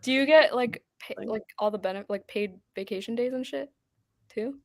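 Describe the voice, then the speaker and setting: A woman chatting on a video call in a relaxed, teasing way, swearing casually. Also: a little high, normal speed, no room sound, clean studio sound. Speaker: booktube host. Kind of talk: casual chat.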